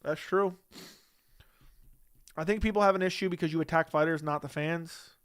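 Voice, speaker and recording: A man hosting a casual livestream, reading chat and firing back bluntly and dismissively. His voice sits a bit high and comes through crisp and clear. The sound is dry, with no room echo. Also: normal speed.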